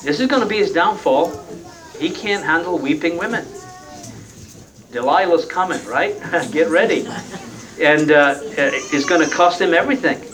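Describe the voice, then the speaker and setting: Male preacher, folksy, conversational sermon, rhetorical tag questions, a bit high-pitched, heard from a little off-mic. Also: animated, normal speed, pauses often, a bit bright, distant mic, slight background noise, low-quality recording.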